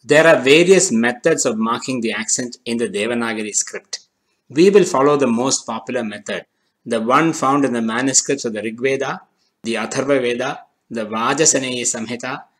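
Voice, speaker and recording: Man narrating a measured language lesson. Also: medium pitch, poor audio. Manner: measured, deliberate delivery, slowing on key terms. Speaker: language teacher.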